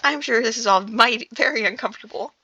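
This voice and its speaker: A woman's voice: a little high, fast talker, pushed and bright, slightly rough, rough recording. Bilbo, a fussy fretful little hobbit, read by a woman. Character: small fretful male hobbit, polite.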